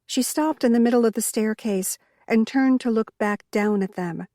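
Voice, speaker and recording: A woman narrating a cozy mystery audiobook in a measured storytelling manner. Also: on the high side, warm tone, no echo, clean studio sound. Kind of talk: scripted narration.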